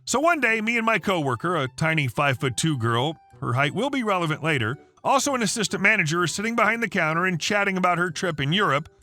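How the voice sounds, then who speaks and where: A man reading online stories aloud with a lively storytelling delivery. His voice sits high and bright, with a pitch that swings a lot. Faint music plays softly behind him. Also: fast, few pauses. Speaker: story narrator. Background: faint background music.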